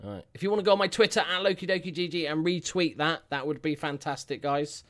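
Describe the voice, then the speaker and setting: A man's voice: a little high, fast, a bit bright. Guy chatting on a home live stream, jokey, rambly, hums filler noises. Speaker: YouTuber hosting a live stream. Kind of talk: casual live-stream chat.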